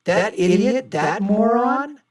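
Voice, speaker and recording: Slow, ranting male host in echoey room. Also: high voice, animated. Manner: mocking, indignant, repeats insults. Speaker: show host. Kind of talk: ranting video commentary. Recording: echoey room, mic set far off.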